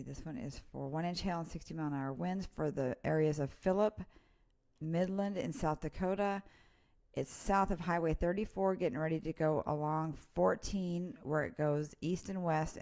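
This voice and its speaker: A woman's voice: low-pitched, darkish tone. A woman giving a casual live severe weather update, chatty and informal as she walks through radar warnings. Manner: chatty and informal, reading place names off radar. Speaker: weather presenter.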